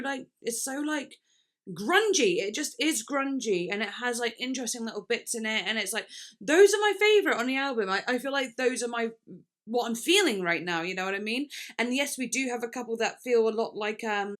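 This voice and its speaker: A young woman chatting casually in a music reaction video, thinking aloud with lots of fillers and restarts. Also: on the high side.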